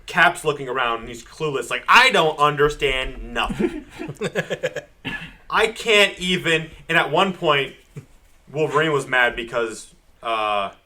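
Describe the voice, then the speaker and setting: A man co-hosting a casual comic book podcast, recapping the story with lots of laughter and quick acted-out lines from the characters. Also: a little high. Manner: animated, acts out characters' lines in quick voices. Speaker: podcast co-host.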